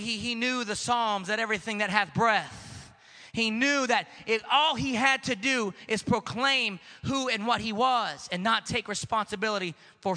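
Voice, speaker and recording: Bright-voiced, high male preacher, echoing hall. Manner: emphatic call-and-response preaching, with repeated words. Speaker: pastor. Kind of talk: sermon. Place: church sanctuary.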